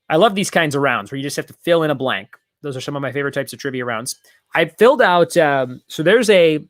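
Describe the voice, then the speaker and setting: A man's voice: mid-range voice, a bit bright, no echo. Man, trivia host, rambling and chatty, dry close sound. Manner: chatty, rambling asides, repeats each question. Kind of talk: casual livestream trivia hosting.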